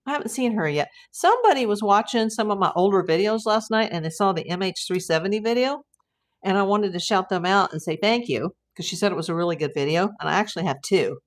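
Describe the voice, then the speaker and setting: A middle-aged woman from the United States who works as a private investigator hosts a casual livestream. She talks fast at medium pitch with lively intonation, rambling through viewer comments amid many fillers and restarts.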